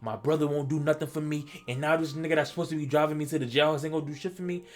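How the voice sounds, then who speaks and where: A man from Delaware telling a personal story in casual vlog style, animated and stammering, acting out what he said back then. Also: on the high side, very fast. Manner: animated, stammering, acts out his own past lines. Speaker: storytelling vlogger.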